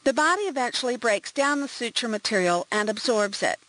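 Calm medical examiner, explanatory and even; woman reader's own voice. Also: fairly high pitch, brisk, dry recording, rough recording. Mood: clinical.

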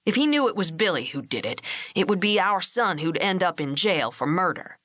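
A stern middle-aged rancher father, read by a woman narrator, dropping his voice low and clipping his words. He gives orders and expects them obeyed. Dry, close audiobook sound. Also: big pitch swings, moderate pace, a bit bright, dry recording. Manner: curt, commanding.

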